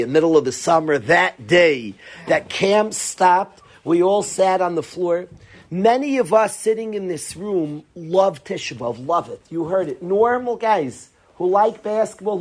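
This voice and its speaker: Husky-voiced rabbi lecturing earnestly. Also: male voice, high-pitched. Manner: earnest, repeats phrases for emphasis. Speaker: rabbi teaching yeshiva students. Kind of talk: Torah lecture to students.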